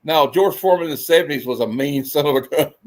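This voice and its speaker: A man with a twang hosts a loose movie chat from a home stream setup. His voice sits a bit high for a man, and he talks with an animated, laughing energy. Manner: animated, quick to laugh, slips into silly impressions. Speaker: host of a movie discussion show.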